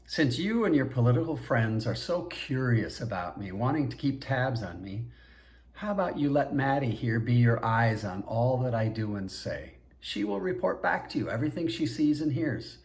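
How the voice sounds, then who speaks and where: A man voicing a calm, cheerful Jesus in an audiobook, speaking with a sing-song lilt and a light teasing touch. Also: mid-range voice, normal speed, close to an everyday voice.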